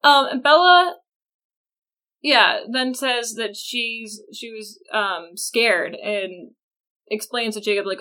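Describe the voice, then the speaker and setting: A young woman chats through a book recap with a sarcastic edge, dropping in acted-out quotes. Her voice is fairly high and bright, with a crisp, tense edge. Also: slow pace. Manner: sarcastic, acts out characters' lines. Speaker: podcast co-host. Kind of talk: casual chat, book recap.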